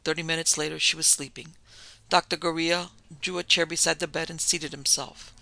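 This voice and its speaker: Bright, gravelly male audiobook narrator. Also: a little high, little pitch movement, fairly quick, low-quality recording. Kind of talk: audiobook reading. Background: faint music.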